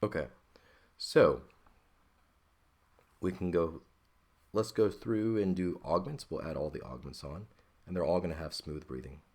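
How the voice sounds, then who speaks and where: Very deep-voiced man teaching a grammar lesson. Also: measured pace, pauses often, darkish tone. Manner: patient, explaining step by step with frequent "okay?" checks. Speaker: Greek teacher.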